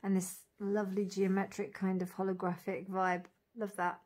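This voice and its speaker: A woman walking through an oracle deck card by card, calling out each name and meaning with soft, gushing admiration. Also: mid-range voice, level tone, moderate pace. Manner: dreamy, admiring, lingers on single words; soft laughs and gushing asides. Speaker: tarot reader reviewing an oracle deck. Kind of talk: casual unboxing walk-through.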